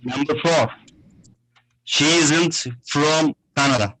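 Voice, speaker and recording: A man with a Turkish accent, a student reading English exercises aloud over a video call, halting and hesitant. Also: fairly high pitch, pushed and bright, low-quality recording.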